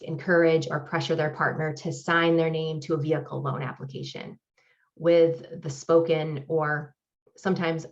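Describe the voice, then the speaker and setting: Woman prof lecturing slow and careful, lowish voice, kinda dull lo-fi audio. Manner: measured, deliberate explaining. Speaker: professor presenting research. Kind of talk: academic lecture with slides.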